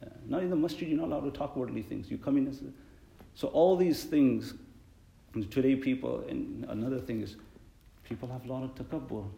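A man's voice: mid-range voice, fairly quick, creaky, mellow, roomy sound. A man giving a sermon as an imam, telling stories earnestly and animatedly, mixing in Arabic phrases.

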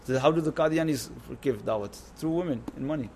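Male preacher, slightly higher voice, informal sermon to a gathering, repetitive, keeps checking in with listeners. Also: fast, darkish tone, slight background noise. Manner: repetitive, keeps asking "understand?". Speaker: religious teacher. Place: religious gathering.

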